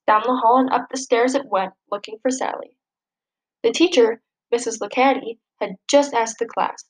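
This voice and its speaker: A woman reading a children's picture book aloud in a lively, expressive way. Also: fairly high pitch, normal speed, low-quality recording. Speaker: storybook reader. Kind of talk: children's story read-aloud.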